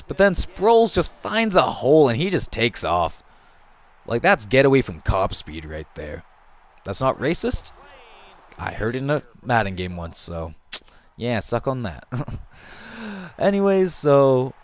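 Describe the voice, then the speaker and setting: A man's voice: on the low side, animated, normal speed. A young man giving casual, rambling commentary over a football video game, joking and swearing freely as he narrates. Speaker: gaming commentator.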